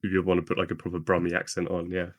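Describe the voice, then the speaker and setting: A man co-hosting a podcast, talking casually with many pauses and fillers. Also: deep voice, monotone. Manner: hesitant, lots of ums and likes. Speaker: podcast co-host. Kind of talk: casual chat.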